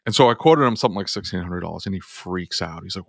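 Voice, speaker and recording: A man's voice: low voice, lively intonation, fast, vocal fry, few pauses, no echo, studio quality. A man who runs an auto repair shop, telling a story on a podcast and acting out both sides of his phone calls.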